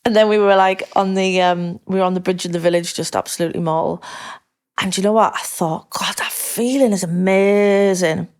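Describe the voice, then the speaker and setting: A middle-aged woman with a Northern English accent talks as a podcast guest in a casual interview. Her voice sits on the low side, and her talk rambles with restarts and frank asides, broken up by easy laughter. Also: steady tone, quick pace, clear, resonant tone. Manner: rambling, candid, laughs easily.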